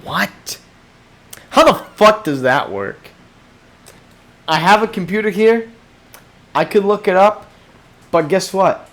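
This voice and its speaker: A man's voice: high-pitched, slow pace, long pauses. A young man hosting a solo podcast, rambling and swearing as he rants into a desk microphone in a small room. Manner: profane, rambling, animated rants. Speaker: podcast host.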